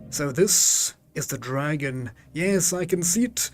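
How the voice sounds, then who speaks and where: A man hosting a live game stream in a slightly high voice. He talks slowly and easily, breaking into laughter between lines of the game's text. Faint music runs behind him. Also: expressive. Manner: chatty and giggly, laughs often.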